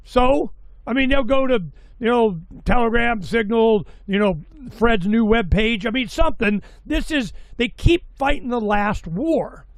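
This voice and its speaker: A man in his sixties hosting an interview, talking in a rambling, excitable way and swearing freely. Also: very high-pitched, measured pace, no room sound. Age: 60s. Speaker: host. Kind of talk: casual interview chat.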